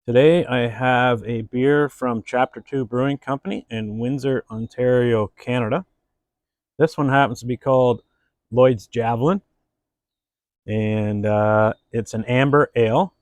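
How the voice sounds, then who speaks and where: A man hosting a casual beer review and telling a joke, relaxed and halting, with many fillers. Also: medium pitch, no echo. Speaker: host.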